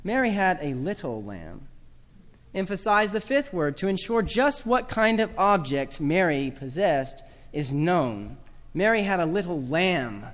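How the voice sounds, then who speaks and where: Man from the South, lecturing a room, dry humor, demonstrative, slightly high voice, long hall reverb. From American South. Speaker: speaker on teaching children speech. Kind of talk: talk to a live audience.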